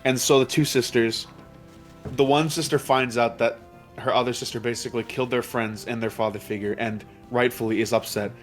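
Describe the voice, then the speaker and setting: A man's voice: mid-range voice, steady tone, fairly quick, soft background music. A man hosting a let's play commentary, recapping a plot in a rambling, profane way with his friends. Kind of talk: casual game commentary with friends.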